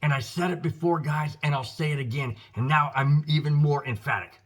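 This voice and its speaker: A man's voice: fairly high pitch, a little fast, slight background noise. A man with an American accent hosting his own football show, giving emphatic, frustrated commentary and talking straight to his viewers. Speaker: sports podcast host.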